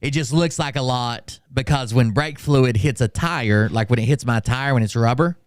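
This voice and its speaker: Smooth-voiced man telling a profane rant. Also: medium pitch, moderate pace, dry recording, clean studio sound. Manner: profane, animated, full of fillers and restarts. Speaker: streamer. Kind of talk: casual storytelling rant.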